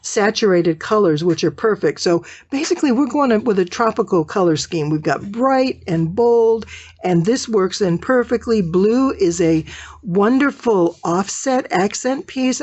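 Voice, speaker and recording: A woman's voice: medium pitch, darkish tone, no room sound. A woman teaching quilting in a casual tutorial, chatting and thinking aloud as she sorts fabric.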